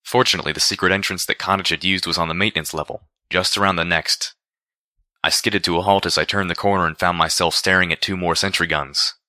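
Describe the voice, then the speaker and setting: Low, bright-toned male story narrator. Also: fairly even intonation, quick pace, dry recording, studio quality. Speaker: audiobook narrator. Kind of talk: first-person story narration.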